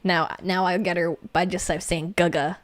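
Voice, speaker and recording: A woman co-hosting a livestream, reading viewer comments aloud in casual chat. She laughs often and jumps to squeaky exclamations. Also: flat delivery, moderate pace. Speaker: livestream co-host.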